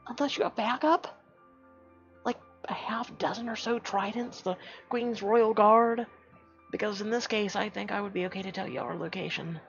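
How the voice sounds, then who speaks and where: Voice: mid-range voice, moderate pace, vocal fry, a bit bright, highs cut off, faint music behind, pitched above the performer's own voice. A game streamer voicing a weak, pleading captive mermaid woman who urgently warns of danger. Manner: urgent, fearful warnings.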